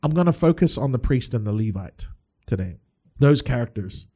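A man's voice: medium pitch, expressive, normal speed, warm tone. A man preaching a sermon as a pastor, earnest and emphatic, often restarting his phrases.

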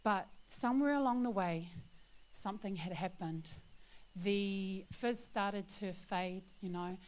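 A woman's voice: mid-range voice, slow. A woman sharing a testimony with her church congregation, a chatty storyteller full of fillers who turns earnest and confiding.

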